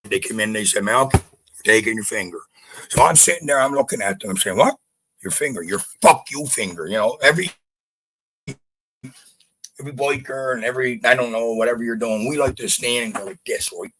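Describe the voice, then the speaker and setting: A man's voice: medium pitch, brisk, rough recording. A man from Canada telling a gritty story in casual podcast chat, blunt and full of swearing. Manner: profane, blunt, animated retelling. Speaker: podcast guest.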